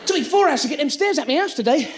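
A man doing an excitable stand-up comedy routine on a theatre stage, swearing freely. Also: extremely high pitch, rapid-fire, background noise. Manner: frantic, excitable, swears a lot. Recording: live theatre recording with loud crowd. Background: loud audience laughter.

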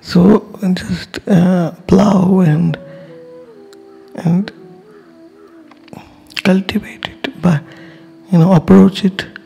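A man giving a slow, emotional devotional talk, often dropping to a whisper and chanting. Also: high voice, steady tone, gravelly, dark tone, slightly rough, faint music behind. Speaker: spiritual teacher.

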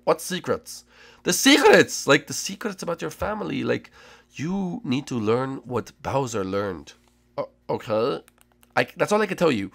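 A man's voice: medium pitch, big pitch swings, measured pace, creaky, a bit bright, full character voice. Man doing a bossy, grumpy chef. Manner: bossy, insulting, vague. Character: bossy male chef guide, grumpy and cryptic.

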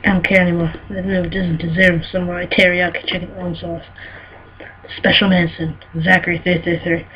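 A man giving excitable let's play commentary, scolding himself and shouting exclamations as he plays. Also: high-pitched, moderate pace. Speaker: gamer. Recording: dull lo-fi recording with faint noise.

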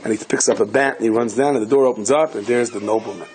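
A man, a rabbi, giving a sermon in a conversational, animated storytelling manner, using Yiddish and Hebrew terms. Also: fairly low pitch, fast talker, slight background noise.

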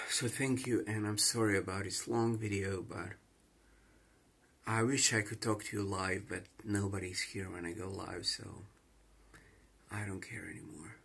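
Distressed, husky Croatian-accented man. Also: fairly low pitch, steady tone, a little slow, a bit bright. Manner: rambling, repeating himself. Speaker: vlogger. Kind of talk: emotional confessional monologue.

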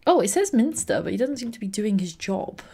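A woman's voice: fairly high pitch, big pitch swings, fairly quick, warm tone. A young woman hosting a let's play, chatting and reacting aloud to the game with frequent little laughs. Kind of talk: gameplay commentary.

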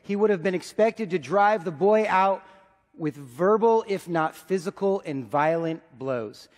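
A man in his forties preaching a sermon as pastor, telling stories and swinging between loud and hushed. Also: high voice, expressive, unhurried, big-room sound. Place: church sanctuary.

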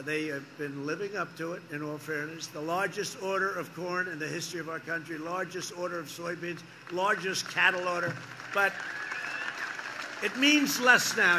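A man's voice: sits high, noisy background. An older man, a politician speaking at an outdoor airport campaign rally, in a rambling, repetitive, off-the-cuff style full of mocking asides and boasts. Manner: mocking and boastful, acting out quoted exchanges.

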